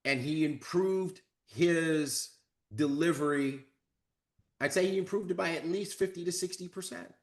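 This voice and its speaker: A man's voice: fairly high pitch, a little slow. A man giving a motivational training talk, coaching his audience and acting out sample phone calls with lots of energy. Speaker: network marketing trainer.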